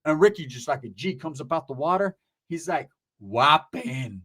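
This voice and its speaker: A man telling a story in casual chat, animated and profane, full of street slang and shouted sound effects. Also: fairly high pitch, fairly quick, husky.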